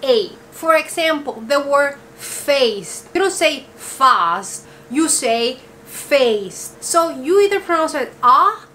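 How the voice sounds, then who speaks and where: High-voiced Spanish-accented woman vlogger. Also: lively intonation, unhurried, hardly any pauses, fairly bright tone, a little hiss or hum. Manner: emphatic, exasperated, keeps checking in with "okay?". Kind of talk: casual talking-to-camera rant.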